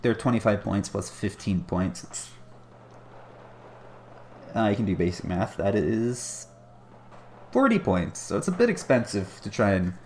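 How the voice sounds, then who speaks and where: A man's voice: on the low side, lively intonation, measured pace, pauses often, darkish tone, a little hiss or hum. A man casting a strategy game match with chatty, wry commentary and self-deprecating asides. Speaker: game caster.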